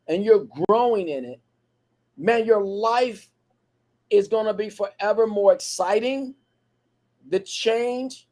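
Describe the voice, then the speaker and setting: High-voiced man preaching motivation. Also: darkish tone. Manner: preachy, repetitive motivational cadence. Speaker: podcast co-host. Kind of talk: motivational podcast talk.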